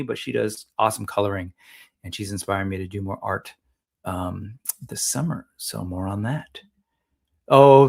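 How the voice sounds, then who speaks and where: A middle-aged man chats casually on a live stream from indoors, his voice sitting at an ordinary middle pitch. He rambles through plenty of ums and uhs, greeting viewers one by one with playful teasing. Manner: rambling, filler-heavy, jokey shout-outs to chat. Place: indoor room at home.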